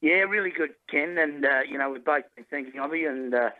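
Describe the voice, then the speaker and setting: A man calling in to a radio show, talking in a relaxed way with many fillers. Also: on the high side, a little fast. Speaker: caller, former coach. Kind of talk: phone-in chat. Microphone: telephone. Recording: dull phone line.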